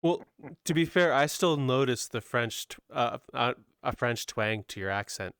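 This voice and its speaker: A man's voice: mid-range voice, lively intonation, normal speed, a bit bright, smooth, no room sound, studio quality. A man hosting a podcast, chatting casually and reassuring his guest. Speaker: podcast host. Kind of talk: casual chat.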